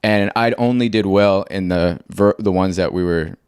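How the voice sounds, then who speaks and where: Low-voiced man chatting casually. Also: normal speed, clean tone, dry recording, clean studio sound. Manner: rambling, filler-heavy, animated storytelling. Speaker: host. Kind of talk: casual conversation.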